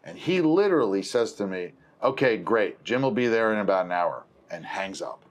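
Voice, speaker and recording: A man's voice: fairly low pitch, expressive, normal speed. A male film producer telling a long story in casual conversation, correcting himself as he goes and acting out the dialogue. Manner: rambling, self-correcting, acts out quoted dialogue.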